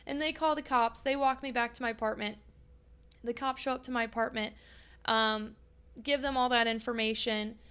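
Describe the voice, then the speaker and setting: A young woman hosts a solo podcast and tells a personal story in a raw, unfiltered way, swearing freely and acting out what people said back then. Her voice sits a little high and sounds smooth and clear. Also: steady tone, moderate pace, pushed and bright. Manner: candid and profane, reenacting her own past dialogue. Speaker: podcast host.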